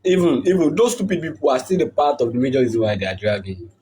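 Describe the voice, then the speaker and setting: A man's voice: mid-range voice, sing-song, fast, mellow, breathy edge. A man chiming in off to the side, advising caution and dismissing the people being discussed.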